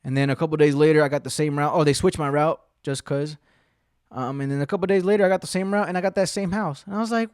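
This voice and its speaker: A man's voice: sits high, fairly even intonation, fast talker, a little mellow, smooth, no room sound, studio quality. A man hosting his own podcast, telling a rambling, heavily profane story and acting out what people said. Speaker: podcast host. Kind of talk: casual storytelling monologue.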